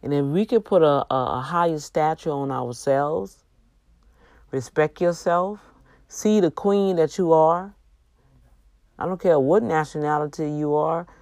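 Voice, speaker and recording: A tired woman hosting a livestream, giving a faith talk with slow, emphatic, exhorting repeats. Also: low-pitched, darkish tone, no echo. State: tired, yawning. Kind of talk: preachy casual livestream talk.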